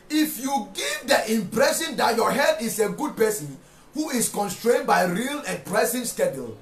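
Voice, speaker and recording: A man preaching a sermon, repeating phrases and rising to shouted rhetorical questions. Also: sits high. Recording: echoey room with faint music.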